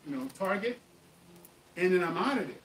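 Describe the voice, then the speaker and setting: A man hosting a live martial arts Q&A, telling stories in an animated, emphatic way. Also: high-pitched, fairly quick, distant mic. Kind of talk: live stream chat and storytelling. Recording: echoey room, voice off-mic, faint noise.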